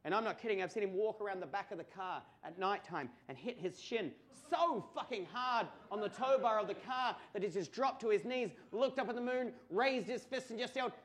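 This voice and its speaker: An Australian man telling a crude, animated stand-up comedy story with swearing and mock outbursts. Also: high-pitched, fairly quick, hardly any pauses.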